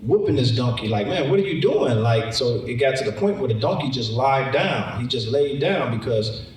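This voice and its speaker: A man's voice: medium pitch, lively intonation, moderate pace. A man preaching a Bible lesson in a conversational way, often repeating words and acting out the story. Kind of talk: sermon, Bible teaching. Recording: echoey room, mic far off.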